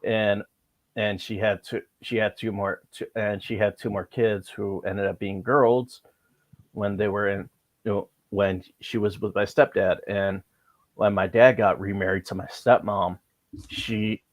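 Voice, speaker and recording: A man in casual chat on a live stream who talks haltingly, restarting and repeating words. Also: on the low side, steady tone, dry recording.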